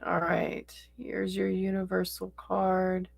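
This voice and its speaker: A woman hosting a casual tarot livestream, chatting in a slow, gently encouraging way and reading viewer comments aloud. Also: medium pitch, completely flat delivery, vocal fry.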